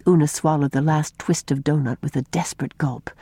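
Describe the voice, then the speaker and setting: A woman's voice: low voice, brisk, slightly rough, no echo. A woman narrating a classic children's novel as an audiobook, reading expressively with a close microphone. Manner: expressive, shifting tone with the story. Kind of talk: scripted storybook narration.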